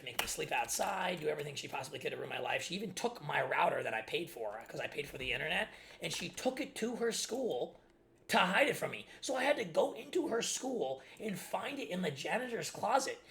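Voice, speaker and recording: A man's voice: a little high, lively intonation, quick pace, vocal fry, few pauses, a crowd in the background. A young man streamer telling a rambling, exasperated story about his childhood while playing a game. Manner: rambling and exasperated, many restarts. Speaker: gaming streamer. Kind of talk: casual storytelling while gaming.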